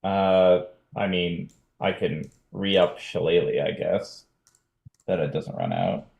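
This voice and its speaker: A man's voice: sits low, big pitch swings, slow, vocal fry, a little mellow, reverberant, dull audio. A man playing a tabletop game with dry, mumbled hesitation. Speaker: player. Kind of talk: tabletop role-play.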